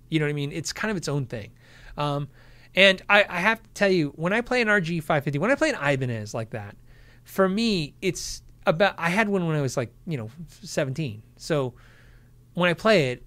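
A man's voice: a little high, fairly bright tone. A middle-aged man hosting a live stream, answering viewer questions in casual chat, laughing often and acting out quotes.

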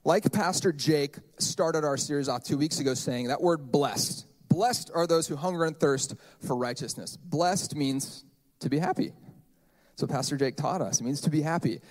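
A man's voice: a little high, a little mellow. A man in his thirties preaching a sermon in a church, conversational and joking, with playful asides. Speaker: pastor.

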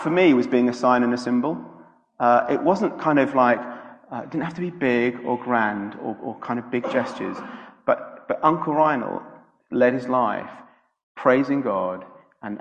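A man giving an informal sermon in a church, telling a personal story in a chatty, halting way with many fillers and restarts. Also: mid-range voice, vocal fry, in a large hall, highs cut off. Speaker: preacher.

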